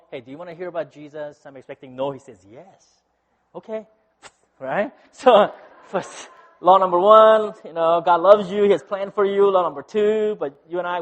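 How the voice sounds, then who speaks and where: A middle-aged male pastor with a notably high voice, preaching in a chatty, personal way. He keeps checking in with his listeners and swings from loud, lively storytelling down to quiet, intense moments. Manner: conversational preaching with frequent "right?" asides. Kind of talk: sermon.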